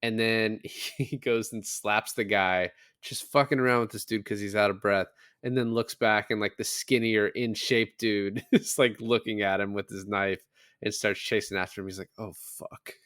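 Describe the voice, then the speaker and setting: A man with a lowish, steady, fairly bright and resonant voice co-hosts a podcast, casually recapping a film at a moderate pace. He's loose and swears freely, acting out quotes from the movie, and the recording is dry, clear, and studio quality.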